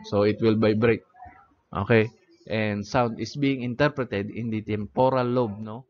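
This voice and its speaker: A man's voice: lowish voice, fairly even intonation, a little slow. A man teaching an anatomy lecture, often checking in with "okay?" and "no?". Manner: repeats "okay?" and "no?" checking on listeners. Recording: dull lo-fi audio.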